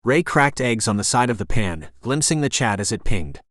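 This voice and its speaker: Male narrator, audiobook, steady even reading, mid pitch, dry close mic. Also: normal speed, dry recording. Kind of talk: scripted narration.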